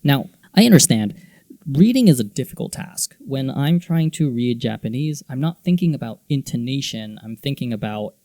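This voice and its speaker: A man's voice: mid-range voice, mellow, dry recording. A man who teaches English, explaining teaching methods in an earnest instructional video, now and then acting out exaggerated example lines. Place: teaches in Japan.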